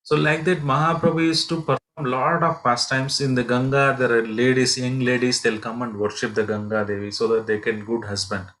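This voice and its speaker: A man leads a devotional lesson as a pilgrimage guide. He speaks in a halting way, full of fillers and restarts, as he tells the stories. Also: mid-range voice, level tone, fairly bright tone, rough recording.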